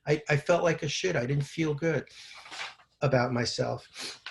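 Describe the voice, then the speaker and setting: A man in his sixties, from New York, sharing his recovery story at a twelve-step meeting over a video call, moving from a halting read-out timeline into loose, candid talk. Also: fairly high pitch, creaky. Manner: halting, reads terse timeline then talks freely. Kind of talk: personal recovery share. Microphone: video call mic.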